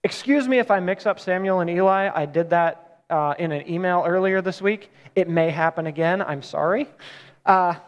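A man with a high voice preaches in a relaxed, chatty way. He often stops to correct himself. His voice rings with the long reverb of a large hall. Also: moderate pace, lo-fi sound. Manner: casual, conversational retelling with self-corrections. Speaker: pastor. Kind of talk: sermon.

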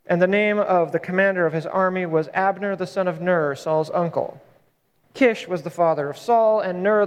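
A man preaching as a pastor, reading scripture aloud and adding relaxed, joking asides before praying and starting his sermon. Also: sits high. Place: church sanctuary. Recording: long reverb of a large church.

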